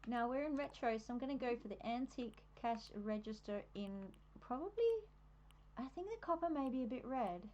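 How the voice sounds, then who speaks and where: A woman's voice: a little high, brisk, a little mellow, muffled recording. A young adult woman with an Australian accent, chatting casually on a live stream while decorating in a game, easily distracted and laughing often.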